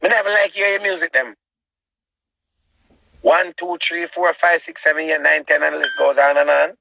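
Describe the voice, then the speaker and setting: With a fairly high, creaky voice that sounds pushed and bright, a man with a Jamaican accent rants as a show host at normal speed, his intonation fairly even. He preaches, repeats himself, and asks rhetorical questions. There's no echo, and the audio is dull.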